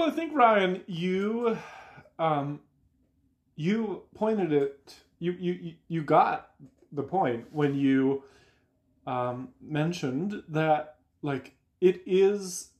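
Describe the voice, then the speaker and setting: A man co-hosting a faith podcast, speaking sincerely in a measured, halting way. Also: on the high side. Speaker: podcast co-host. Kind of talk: reflective faith talk.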